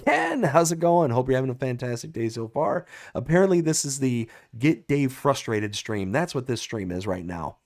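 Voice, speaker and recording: A man hosting a casual live gaming stream, telling stories with animated reactions and answering viewer chat. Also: mid-range voice, normal speed, few pauses.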